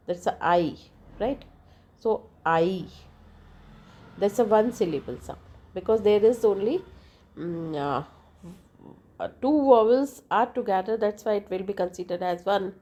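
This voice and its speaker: A woman gives an informal lecture on language terms. She talks slowly and works through each example, her voice warm and mellow, and she keeps pausing to check with "right?". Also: medium pitch. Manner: slow, explanatory, with frequent filler "right?". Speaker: English teacher.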